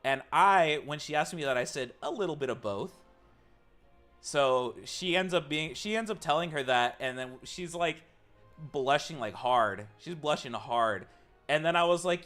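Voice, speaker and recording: A man's voice: fairly high pitch, animated, moderate pace, a bit bright, faint music behind. A man streaming live, casually telling a long story to his chat, swearing freely and acting out the people he quotes.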